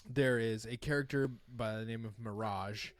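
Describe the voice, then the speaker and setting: A man's voice: medium pitch, normal speed. A young man co-hosting a podcast, telling a story in casual chat with many fillers and frequent swearing. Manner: animated storyteller, lots of fillers, swears freely. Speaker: podcast co-host.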